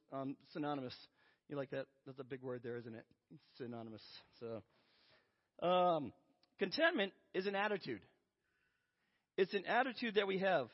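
A man preaching a sermon, telling a story with self-deprecating humor. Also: on the high side. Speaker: pastor. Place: church sanctuary. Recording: lo-fi with long hall reverb.

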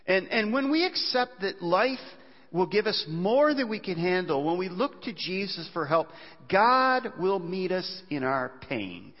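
A male pastor with a higher, lively voice preaches a sermon, swinging his voice up into anguished cries and back down to soft reassurance. The sound is a little dull, with the long reverb of a large hall behind him. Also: a little slow. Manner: animated preaching, acts out cries of despair.

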